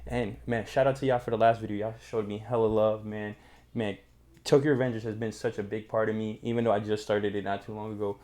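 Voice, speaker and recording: A young man hosting a casual manga review channel, talking in energetic slang with lots of fillers. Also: lowish voice, fairly quick. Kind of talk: casual chat, recapping a manga.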